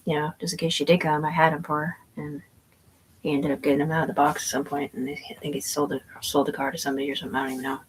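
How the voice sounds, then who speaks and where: A woman's voice: low voice, little pitch movement, rapid-fire, slight background noise, low-quality recording. A woman telling a rambling story in casual chat, profane and meandering, full of fillers and restarts. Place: indoors at home.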